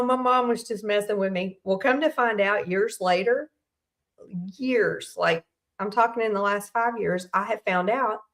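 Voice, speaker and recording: A middle-aged woman, hosting a casual faith talk in a folksy, candid storytelling way. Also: a little high. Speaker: host.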